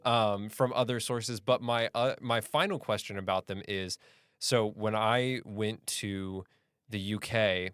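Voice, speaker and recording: A man's voice: fairly low pitch, a little slow, smooth, no room sound. Host: young American man, easygoing interviewer, dry close mic. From United States. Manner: relaxed, rambling questions. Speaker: podcast host. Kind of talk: casual interview chat.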